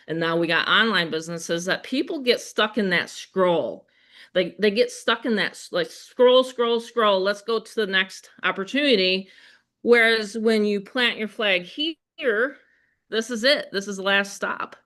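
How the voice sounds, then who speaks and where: A middle-aged woman with a Western New York accent, hosting a live webinar in an energetic, chatty way and talking straight to her audience. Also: mid-range voice. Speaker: webinar host. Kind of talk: live sales webinar chat.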